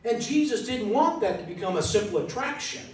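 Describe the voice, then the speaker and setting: A man's expressive, brisk, slightly mellow voice carries through a church sanctuary as he preaches, musing aloud and asking his congregation questions. It's captured from a distance in an echoey hall, with a faint rumble underneath.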